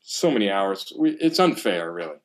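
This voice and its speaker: Man, percussion teacher, casual animated storyteller on a podcast. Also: on the low side, normal speed.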